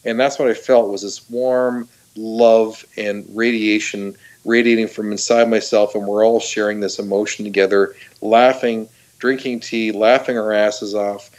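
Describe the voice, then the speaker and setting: A middle-aged man, a talk show guest, excitedly retelling a personal story with frequent laughs, restarts and fillers. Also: on the low side, measured pace, few pauses.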